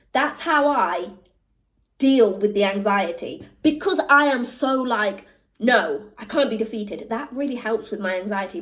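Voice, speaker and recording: A woman talking candidly to camera, animated, slipping into mock voices and laughing at herself. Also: on the high side. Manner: animated, switches into mock voices when quoting people; laughs at herself mid-sentence. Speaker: vlog host.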